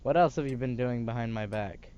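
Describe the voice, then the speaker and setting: A man's voice: medium pitch, brisk, a little mellow, smooth, no echo, lo-fi sound, natural voice. A man reading the lines of a strict, worried middle-aged mother in a story game, scolding and nagging. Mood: stern. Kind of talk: reading game dialogue aloud.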